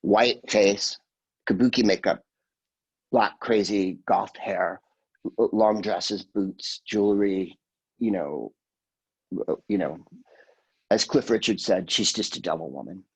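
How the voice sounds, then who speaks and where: A husky man in his sixties, talking as a podcast guest in a fairly low voice. He rambles through profane stories and drops into quick impressions of the people he quotes. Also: poor audio. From California, USA. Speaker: guest comedian. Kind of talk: casual podcast chat.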